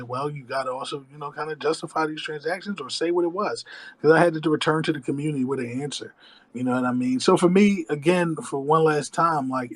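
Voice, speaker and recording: A man's voice: a little high, rough recording. A man explaining a project dispute in a casual group voice chat, rambling and filling with "you know what I mean". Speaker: crypto project lead.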